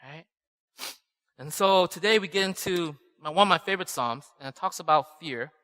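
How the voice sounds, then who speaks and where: A man's voice: on the high side, moderate pace, sharp tone. A man in his thirties preaching a conversational sermon, telling personal stories and often checking in with "right?". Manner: chatty storytelling, often asks "right?". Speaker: pastor. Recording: long reverb in a church hall.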